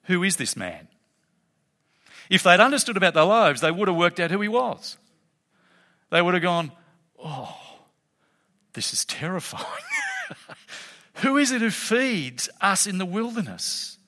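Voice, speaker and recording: A man preaching a sermon, animated and emphatic, often laughing. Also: high-pitched, moderate pace, pauses often. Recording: long reverb of a hall.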